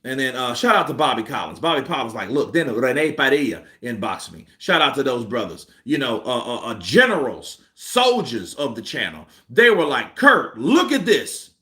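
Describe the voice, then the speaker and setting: A man's voice: mid-range voice, big pitch swings, normal speed, hardly any pauses, pushed and bright. A man hosting a boxing commentary stream, venting heatedly with emphatic repetition. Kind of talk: ranting live-stream commentary.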